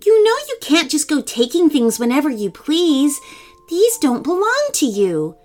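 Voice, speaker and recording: Woman as sensible young girl, firm yet gentle, storybook, lively delivery. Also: high voice, unhurried, soft background music, pitched above the performer's own voice. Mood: earnest.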